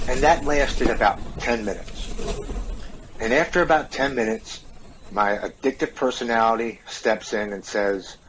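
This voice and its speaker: A man's voice: medium pitch, lively intonation, moderate pace, fairly bright tone, slight background noise, poor audio. A man in his forties from the United States, a podcast guest earnestly and openly telling a personal story. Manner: earnest, open, repeats words when moved.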